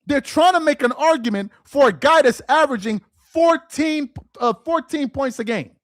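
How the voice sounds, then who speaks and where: A man hosting a sports rant show, mocking and exasperated, firing off rhetorical questions, tripping over repeated words and rising into shouts. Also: very high-pitched, animated, moderate pace, no room sound, studio quality. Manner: stumbles and repeats words when worked up; rises into shouts. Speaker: sports commentator host.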